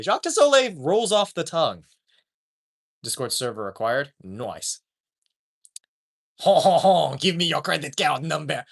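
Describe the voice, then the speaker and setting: A man chatting casually with his live-stream audience, joking and swearing often. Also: a little high. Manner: profane, animated, joking.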